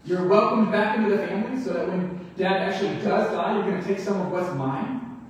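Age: adult. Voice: high for a man. Figure: an indignant, self-righteous older son, as a preacher puts him on. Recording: far off in a hall with long, heavy echo. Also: expressive, moderate pace, darkish tone, a little hiss or hum, close to an everyday voice. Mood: resentful. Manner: indignant, complaining. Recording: echoey hall, mic far off.

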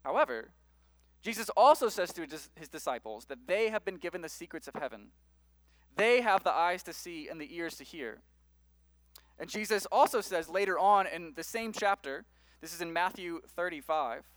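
A man's voice: high voice, expressive, moderate pace, a bit bright, no room sound. A man preaching a sermon, reading scripture aloud and then explaining it in a conversational way. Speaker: pastor.

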